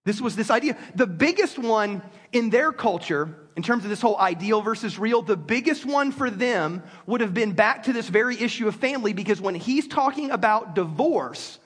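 A man preaching a sermon to a congregation in a lively, conversational way. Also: sits high, normal speed, breathy edge. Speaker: pastor. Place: church sanctuary with congregation. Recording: long reverb of a large hall.

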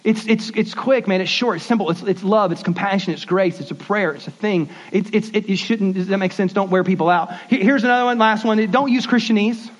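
A man preaching a casual, conversational sermon as pastor, repeating words and acting out quick bits of dialogue. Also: sits high. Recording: dull lo-fi sermon audio.

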